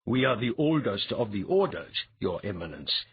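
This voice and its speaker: A man's voice: on the low side, lively intonation, normal speed, narrow, tinny audio, a little hiss or hum, lightly acted. A man reading as a grave, wry priest envoy. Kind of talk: audiobook character voice.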